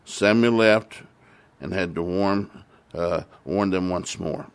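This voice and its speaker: A man's voice: low voice, slow pace, clear, resonant tone. A man preaching and retelling Bible stories for families, emphatic and repeating phrases for stress.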